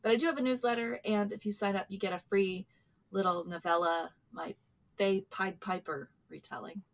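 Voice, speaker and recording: A woman author as a podcast guest, talking casually, shy and giggly, often trailing off softly. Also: mid-range voice, fairly even intonation, moderate pace.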